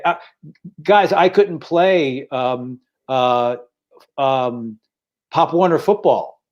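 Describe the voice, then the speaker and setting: Co-host, 60s man, candid halting storyteller on a video call. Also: mid-range voice, darkish tone, lo-fi sound. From Staten Island, New York. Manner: halting, repeats words, emotional. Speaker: podcast co-host.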